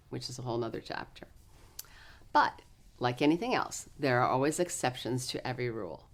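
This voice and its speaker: A woman choral clinician, giving a recorded workshop lesson in a clear, measured teacherly way. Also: a bass voice. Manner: energetic rehearsal coaching with choir.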